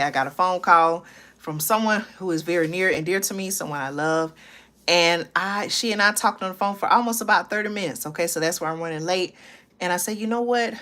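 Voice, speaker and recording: A woman hosting her own live stream, chatting casually with viewers and often checking in with a quick "okay?" between thoughts. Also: lowish voice, fairly bright tone. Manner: chatty, tags lines with "okay?" and "y'all"; drawn-out fillers and restarts. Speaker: livestream channel host. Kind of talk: casual livestream chat to viewers.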